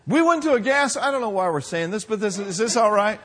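A man in his sixties preaching a sermon, telling folksy personal stories with humor and lively emphasis. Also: high voice, a little fast. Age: 60s. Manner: folksy storytelling, animated with laughs. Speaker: pastor.

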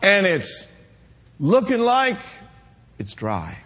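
Hoarse male pastor preaching passionately. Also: sits high, wildly swooping pitch, drawn-out words. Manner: impassioned, swinging from soft to shouting. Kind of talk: sermon.

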